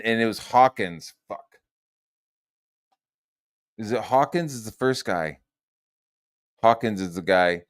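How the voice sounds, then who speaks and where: A man streaming casual commentary, rambling and profane, swinging between loud rants and low mutters. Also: lively intonation, takes it slowly, long pauses.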